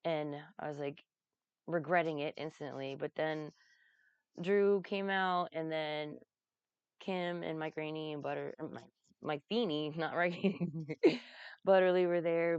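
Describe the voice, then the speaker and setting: A woman's voice: sits low, darkish tone, clear, resonant tone, dry recording, lo-fi sound. A woman telling casual, rambling stories, laughing often and swearing freely. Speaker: vlogger recounting a comedy festival. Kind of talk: casual storytelling.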